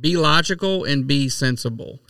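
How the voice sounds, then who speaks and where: A man with a clear, somewhat high voice argues dismissively and needles his partner, casually swearing. He sounds dry and a little away from the mic. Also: moderate pace, sharp tone, dry recording, far from the mic. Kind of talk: heated casual argument.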